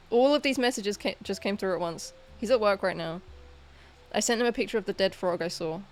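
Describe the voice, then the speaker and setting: A woman's voice: mid-range voice, normal speed, pauses often, soft background music. A woman streaming and chatting casually with her viewers. She rambles and hesitates, with lots of fillers and restarts. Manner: talks to chat viewers. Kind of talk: casual livestream chat.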